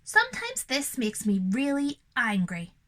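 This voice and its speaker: A young woman reads a storybook aloud to small children, her bright voice rising and falling with lively expression. She explains feelings in a gentle, reassuring way, as a teacher would. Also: sits high, a little slow. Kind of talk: reading a picture book aloud to children, with explanations.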